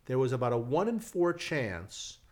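An older man spinning anecdotes in casual conversation. He is animated and often restarts with repeated words as he builds toward a punchline. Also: mid-range voice, normal speed. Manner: animated, repeats words when starting sentences. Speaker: guest storyteller. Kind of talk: casual chat, telling anecdotes.

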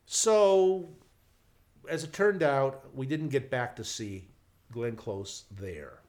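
A man telling a casual anecdote in an animated way, acting out the people in it. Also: mid-range voice, takes it slowly. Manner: animated, acts out quoted voices, restarts. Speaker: storyteller guest.

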